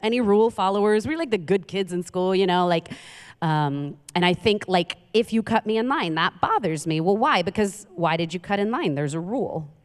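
Smooth-voiced New woman preaching. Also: mid-range voice, expressive, normal speed. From Queens, New York. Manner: chatty, self-mocking, humorous asides. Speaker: guest preacher. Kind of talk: conversational sermon. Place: church sanctuary. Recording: reverberant church hall.

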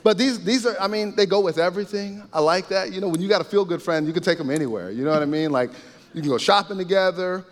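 A man's voice: high-pitched, quick pace, in a large hall. A man giving a casual sermon-style talk, conversational and repetitive, with frequent asides to his listeners. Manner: conversational, repeats himself, frequent asides to the audience. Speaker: speaker giving a faith-based talk.

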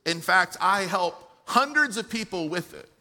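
A pastor delivers a sermon to his own congregation in a high, bright voice. He tells a personal story and moves between hushed, soft moments and emphatic, raised passages. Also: lively intonation, unhurried. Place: church.

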